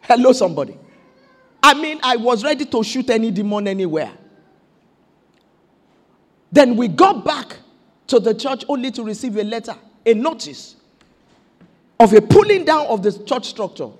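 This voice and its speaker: A Nigerian woman pastor delivers a sermon. Her voice swings widely in pitch. She preaches exuberantly and rises into shouted declarations. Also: slightly rough.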